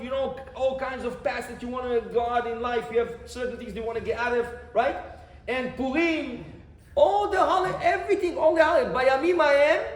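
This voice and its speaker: High-voiced rabbi in an echoey room. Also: male voice. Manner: animated, repeats phrases, quizzes listeners. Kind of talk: Torah lesson to a live group. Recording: echoey room, faint background noise.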